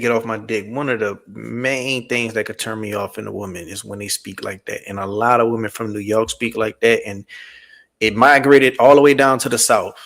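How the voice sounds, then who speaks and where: A man's voice: lowish voice, creaky, fairly bright tone. A man hosting a reaction show, commenting in a casual, slangy, digressive way. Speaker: host.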